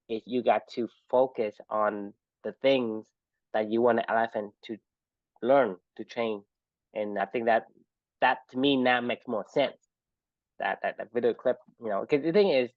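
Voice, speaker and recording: A man's voice: mid-range voice, no echo, dull audio. A man co-hosting a podcast in casual chat, talking reflectively and tying his points back with "you know" and "right". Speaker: podcast co-host.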